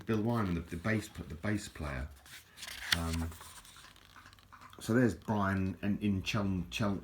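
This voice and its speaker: A man, rambling chattily and self-mockingly as he shows a book and talks about it. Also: low-pitched. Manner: rambling, chatty, self-deprecating, many restarts and fillers. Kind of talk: casual rambling book show-and-tell.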